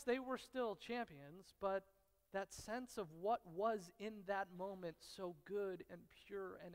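A pastor preaching a sermon, telling stories with repetition and dramatic pauses, swinging from hushed, intimate lines to loud, excited bursts. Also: male voice, sits high, clean tone. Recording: long reverb of a large hall.

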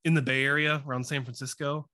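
A man's voice: mid-range voice, flat delivery, quick pace, sharp tone, no room sound. A man hosting a casual interview over a video call, chatting and telling rambling stories between questions. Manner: chatty, storytelling, rambling asides.

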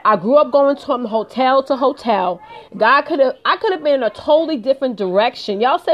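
A home business consultant speaks directly to her viewers in a motivational live stream, stressing her points and repeating phrases. Her high, expressive voice runs a little fast, and the audio sounds dull.

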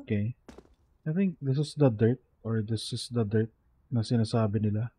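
A man's voice: fairly low pitch, normal speed, dark tone, breathy edge. A sleepy young man with a Filipino accent, mumbling to himself as he streams a game. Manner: mumbling to himself, code-switching into Tagalog. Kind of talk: casual gameplay commentary.

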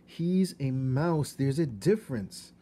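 Man doing a young storybook princess, high, pleading, tender. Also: animated, slow pace. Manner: pleading, soft, tearful.

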